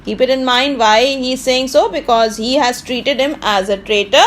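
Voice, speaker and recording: A woman English literature teacher who reads out lines from a play and paraphrases them in plain words, with many fillers and pauses. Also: fairly high pitch, slight background noise.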